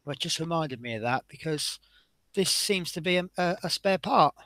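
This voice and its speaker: Man, model-build host, rambling casual talk, fairly high voice, dry close recording. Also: expressive, normal speed, bright, forceful tone, no echo. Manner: chatty, rambling, self-interrupting.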